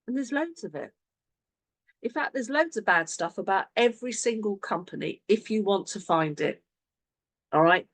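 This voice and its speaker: Brief: woman, sales coach on a video call, lively up-and-down delivery, close dry sound. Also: medium pitch, moderate pace, dry recording. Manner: animated, acts out sample conversations. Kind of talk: online team coaching session.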